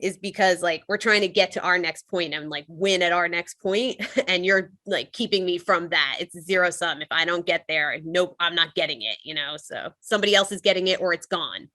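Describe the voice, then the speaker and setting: A woman's voice: on the low side, moderate pace, hardly any pauses, pushed and bright, no echo. Woman, earnest, chatty reflective sharing, dry close sound. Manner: earnest, conversational, many fillers.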